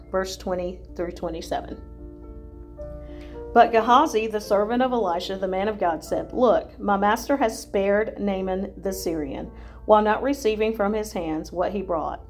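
A woman in the role of Bible reader, doing a scripted scripture reading in a measured, even-paced way. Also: medium pitch. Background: faint instrumental music.

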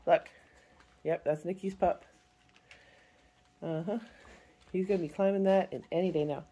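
A woman's voice: lowish voice, steady tone, moderate pace, dark tone. A woman breeder narrating a casual vlog, switching between plain explanation and sing-song baby talk to her puppies. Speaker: dog breeder.

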